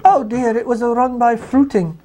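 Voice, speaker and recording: A man's voice: very high voice, normal speed, mellow, pitched above the performer's own voice. A man putting on an impression of a doting elderly nanny woman, cooing in a sing-song old-lady voice.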